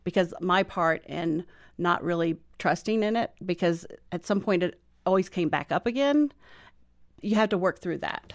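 A woman with a lower pitch for her sex speaks softly and earnestly as an interview guest. Her voice is captured close and dry in a studio. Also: normal speed, no room sound. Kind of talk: personal testimony.

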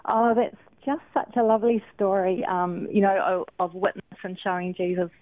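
A woman guest author on a radio show, explaining things in a gentle, careful way. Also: mid-range voice, steady tone, normal speed, no echo. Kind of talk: on-air conversation. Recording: tinny phone line.

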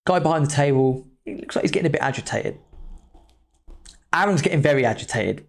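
A man's voice: on the high side, expressive, brisk, creaky. A man, a podcast host telling a travel story in a casual, chatty way with the odd swear word. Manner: chatty, loose, with mild swearing.

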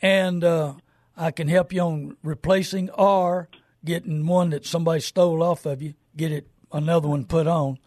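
A man's voice: a little high, steady tone, normal speed, darkish tone, no room sound, clean studio sound. An older man hosting a call-in car radio show in a folksy, rambling salesman's way. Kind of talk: casual call-in radio talk with plugs.

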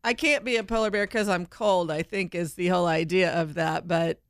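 A woman's voice: on the low side, steady tone, a little fast, no echo, clean studio sound. A middle-aged woman co-hosting a radio show, easygoing and laughing often in casual chat. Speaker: radio co-host.

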